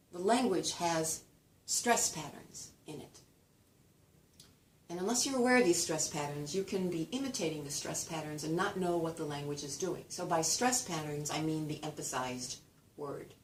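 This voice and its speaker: A woman teaching a class, often acting out example phrases with exaggerated sing-song melodies. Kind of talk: lecture with spoken demonstrations. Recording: roomy echo, distant mic, faint rumble.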